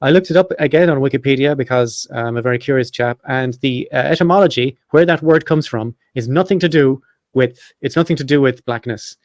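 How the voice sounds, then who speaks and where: A man hosting a podcast, reading a prepared script quickly with chatty asides and self-corrections. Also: medium pitch, no room sound. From Ireland. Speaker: podcast host.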